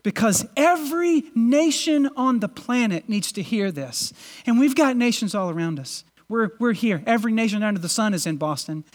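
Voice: medium pitch, expressive, moderate pace. A pastor preaching a sermon to a congregation, earnest and emphatic, often repeating words while building toward a point. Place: church congregation in a city.

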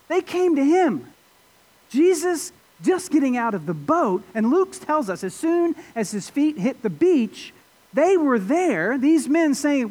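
Animated man preaching a sermon. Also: very high-pitched, normal speed. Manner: expressive preaching with rhetorical questions. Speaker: pastor.

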